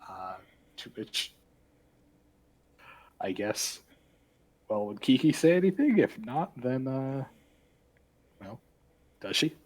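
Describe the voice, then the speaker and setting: A man's voice: mid-range voice, big pitch swings, takes it slowly, long pauses, a little mellow, husky, poor audio. A man narrating a tabletop game as game master, hesitant and full of fillers and restarts.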